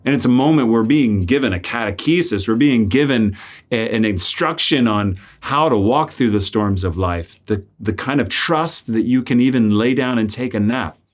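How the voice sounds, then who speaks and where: A man's voice: medium pitch, moderate pace. A young man, a friar and priest, giving a spoken reflection in a conversational way, full of "like" fillers and acted-out quotes. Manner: conversational, many "like" fillers, acts out quoted voices. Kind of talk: spoken reflection with personal story.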